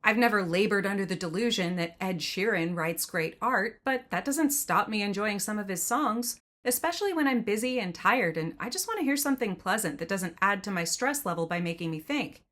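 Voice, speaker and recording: A woman's voice: medium pitch, lively intonation, brisk, hardly any pauses, a bit bright. A woman podcast host reading passages from a novel aloud and commenting on them in a thoughtful, conversational way.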